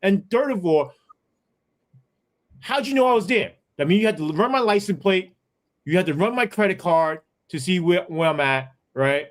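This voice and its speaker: A man's voice: sits high, lively intonation, moderate pace. A man, a former police sergeant who tells his story as a podcast guest in a heated, profane way, full of asides.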